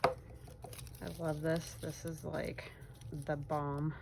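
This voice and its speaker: A middle-aged woman chatting casually as she works through a craft project at home, rambling and soft-spoken. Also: deep voice, flat delivery, takes it slowly, gravelly. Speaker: crafting vlogger. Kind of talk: casual craft-along chat. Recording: faint background noise.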